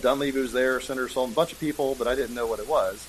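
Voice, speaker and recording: A middle-aged man telling a story in a casual interview, animated and acting out the voices of people he quotes. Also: mid-range voice, racing, slight background noise, low-quality recording. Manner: animated, acts out quoted voices, chuckles often. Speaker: guest, state senator.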